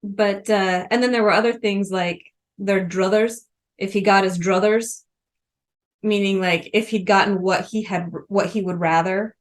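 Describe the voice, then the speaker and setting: A woman's voice: mid-range voice, steady tone, measured pace. A woman from the Missouri Ozarks co-hosting a podcast, chatting casually about a book in a rambling way with many fillers. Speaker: podcast co-host.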